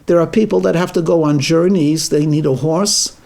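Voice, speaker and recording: A man's voice: on the high side, steady tone, normal speed, vocal fry, darkish tone. A man voicing an ambitious, scheming village husband who talks insistently about grand plans. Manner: insistent, grandly planning, bursts into anger.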